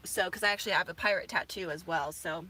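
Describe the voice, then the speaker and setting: A woman's voice: lowish voice, very animated, normal speed, fairly bright tone, breathy edge. A woman in her thirties, rambling casually with many fillers as a vlogger from inside her camper van. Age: 30s. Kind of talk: casual chat.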